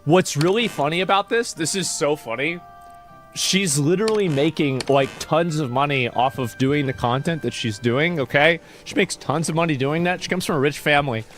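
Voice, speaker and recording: A man's voice: fairly high pitch, moderate pace, fairly bright tone, faint music behind. A man casually chatting on a livestream, reading posts aloud and answering chat in a rambling, mocking, profane way. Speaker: streamer.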